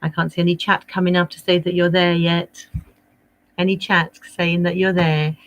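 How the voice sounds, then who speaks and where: Cheery teacher coaxing young pupils. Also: female voice, on the low side, level tone, normal speed, no echo. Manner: cheery, coaxing, sing-song teacher talk. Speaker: primary school maths teacher. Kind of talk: livestream lesson for young children.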